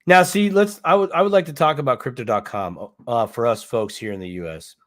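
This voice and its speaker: A man's voice: medium pitch, a little fast. Rambling, jokey man on a livestream. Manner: rambling, jokey, thinks aloud while browsing. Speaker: co-host. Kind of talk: casual livestream chat.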